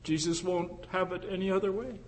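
A male pastor preaching a sermon with passion, swinging from loud declarations to hushed, intimate lines. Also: sits high, fairly even intonation, fairly quick, slight background noise.

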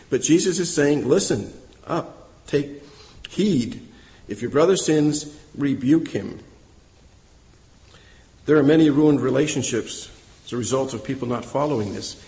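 A man's voice: fairly high pitch, a little mellow, in a large hall, low-quality recording. A man pastor delivering a sermon, telling a story and then teaching with emphatic repetition.

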